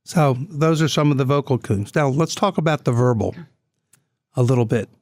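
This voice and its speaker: A man's voice: mid-range voice, normal speed, darkish tone, no echo. A man hosting a business talk radio show from a studio, easygoing and conversational with frequent filler sounds. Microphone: studio microphone.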